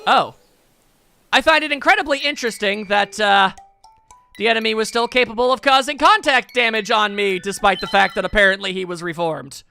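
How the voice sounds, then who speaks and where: A man's voice: high voice, fairly quick, gravelly, bright, forceful tone, soft background music. A man giving sarcastic, joking let's play commentary as host of his gaming channel.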